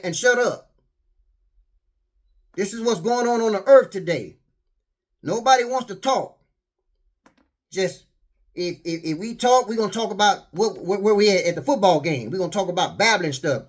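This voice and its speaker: Older man, high voice, lively repetitive sermon delivery. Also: moderate pace, long pauses. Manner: animated, acts out quotes, repeats words. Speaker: preacher. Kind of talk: street sermon, storytelling.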